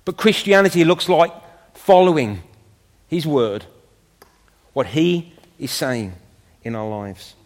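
A man preaching a sermon in a church, impassioned, rising high and falling to a low hush. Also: animated, slow, long pauses, in a large hall.

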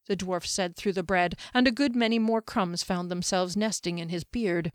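A woman author reading her own fantasy novel aloud in a steady, clear storytelling voice. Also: on the low side, moderate pace, hardly any pauses, dry recording, studio quality. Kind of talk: audiobook fantasy narration.

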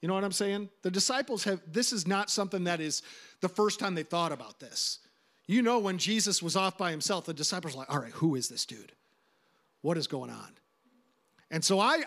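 Man, middle-aged pastor, high-pitched, emphatic conversational sermon delivery. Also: fairly bright tone. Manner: emphatic, repeats phrases for stress, conversational asides.

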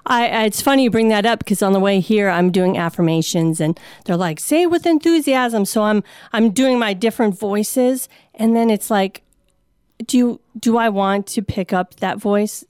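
A woman appearing as a regular guest on a radio show, playful and quick to laugh. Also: mid-range voice, darkish tone, clean tone, dry recording, clean studio sound. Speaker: chamber of commerce guest. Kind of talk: casual talk radio banter. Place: radio studio. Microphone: studio microphone.

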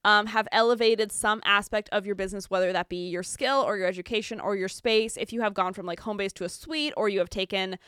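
A bright, crisp-voiced young woman co-hosting a podcast, talking in a bubbly, chatty way. Her sound is clean and dry, close to the mic. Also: medium pitch, fairly even intonation, a little fast, hardly any pauses, no echo. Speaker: podcast co-host. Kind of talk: casual podcast chat.

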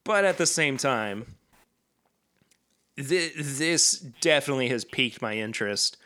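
A man's voice: mid-range voice, expressive, measured pace, pushed and bright. Chatty man co-hosting a podcast. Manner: conversational, with frequent fillers and restarts. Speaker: podcast co-host. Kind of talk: casual chat.

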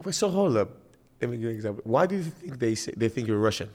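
A young man hosting a podcast, chatting in an animated, joking way and teasing his guest. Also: mid-range voice, racing. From Greece. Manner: animated, jokey, playful teasing. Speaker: podcast host. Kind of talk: casual conversation.

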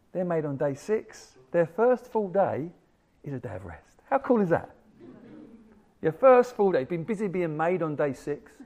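A man preaching a sermon, animated, swinging from loud emphasis to hushed asides. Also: high voice, creaky.

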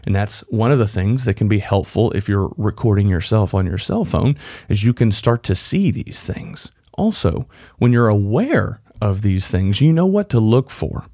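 A man with a Texan accent talks through tips on his own podcast and coaches listeners directly. His voice sits low and sounds warm and mellow. The recording is dry and close, with no room sound. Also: very animated, moderate pace, no room sound. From Texas. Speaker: podcast host. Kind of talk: solo podcast tips talk.

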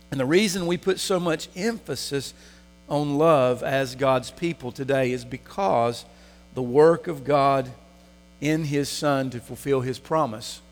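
Man preaching in a reverberant hall. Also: medium pitch. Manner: asks the congregation rhetorical questions. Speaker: pastor. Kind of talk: sermon. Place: church sanctuary.

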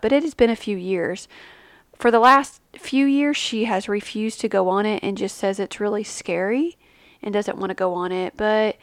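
A woman in her thirties, a mother, chatting casually in a vlog and giving tips with an animated, storytelling manner. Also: dry recording. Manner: chatty, animated, acts out quotes with big pitch jumps. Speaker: family travel vlogger, mother.

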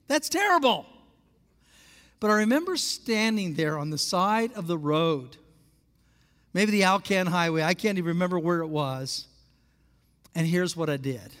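A male pastor from Alaska telling a story in a sermon. He is animated and asks the congregation questions. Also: high-pitched, unhurried, pauses often. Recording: long hall reverb.

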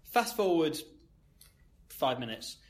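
A man's voice: on the high side, sing-song, slow. A young man telling a long anecdote in casual chat, wry and self-mocking, with many fillers. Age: young adult. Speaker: podcast co-host telling a story.

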